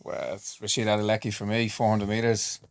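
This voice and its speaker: A man, a former sprinter co-hosting a sports podcast, measured and thoughtful in casual chat. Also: on the low side, completely flat delivery, smooth. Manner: measured, thoughtful, uses fillers like "you know".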